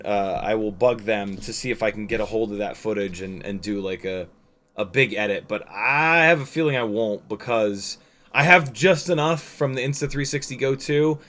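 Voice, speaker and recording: A drone pilot and streamer talks casually over his footage on a livestream. His voice is lowish with a fairly bright tone. He rambles, full of fillers and restarts, and lets the odd swear slip.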